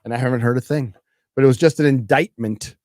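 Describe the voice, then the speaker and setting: A man's voice: medium pitch, fast talker, a little mellow, no room sound. Give me a laid-back man hosting a live stream, recorded dry and close. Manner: laid-back, chuckling asides. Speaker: show host reading out donations. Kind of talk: casual live-stream chat.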